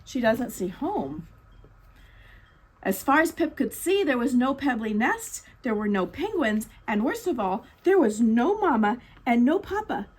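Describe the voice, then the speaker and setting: A woman reading a picture book aloud at a bookstore storytime, expressive and chatting with the children between pages. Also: on the high side, unhurried, breathy edge.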